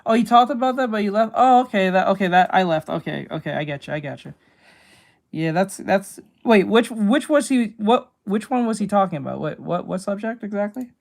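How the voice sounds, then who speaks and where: A woman streamer talks casually as she sketches, rambling from one thought to the next. She is blunt and profane, and breaks into laughs. Her voice sits at an average pitch. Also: lively intonation, fairly quick, creaky. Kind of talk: casual chat while drawing.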